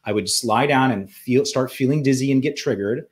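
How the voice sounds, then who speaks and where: A man with a medium-pitched voice speaks fairly quickly as a guest in an interview. He tells his own story in a conversational, earnest and reflective way, often restarting and repeating words.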